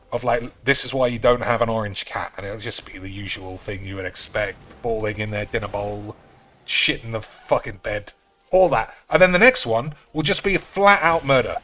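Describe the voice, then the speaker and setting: A man's voice: medium pitch, bright, forceful tone. A man chatting casually and swearing freely while streaming a card game. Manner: rambling, sweary, offhand. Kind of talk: casual live-stream chat while gaming.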